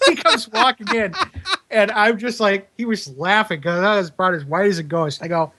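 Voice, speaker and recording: A man's voice: high-pitched, lively intonation, a little slow, long pauses, background noise. A man telling casual stories as a broadcast engineer guest, rambling with many fillers and restarts and laughing at his own story.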